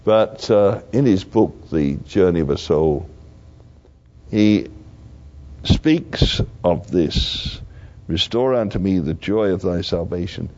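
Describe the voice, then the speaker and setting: Older guy preaching slow and earnest, low gravelly voice, dull lo-fi sound. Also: darkish tone. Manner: slow, earnest, repeats key phrases. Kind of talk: sermon. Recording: dull lo-fi recording.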